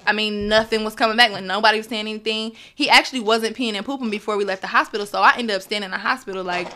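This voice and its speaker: A young woman recounts a personal story with a bright, forceful voice. She slips in and out of quoting the people involved, acting out their words as she goes. Her voice sits at an ordinary middle pitch for a woman. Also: very fast, slight background noise. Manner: animated, acts out others' words in quotes. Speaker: guest.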